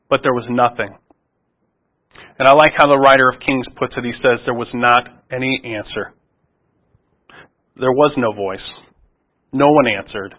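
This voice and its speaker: A man's voice: mid-range voice, steady tone, moderate pace, long pauses, phone-quality sound. A man preaching a sermon in a conversational way, often restarting phrases and asking rhetorical questions.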